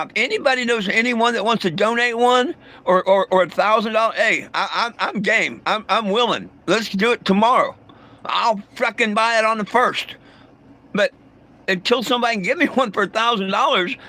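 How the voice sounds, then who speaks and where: A man's voice: high voice, pushed and bright. A man talking bluntly and profanely to his livestream viewers, stumbling over his words and restarting often. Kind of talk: casual livestream rant.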